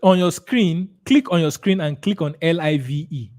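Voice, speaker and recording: With a Nigerian accent and a slightly high voice at a moderate pace, this man runs a live sales training webinar. He's energetic, reading viewers' chat answers aloud and role-playing replies to clients.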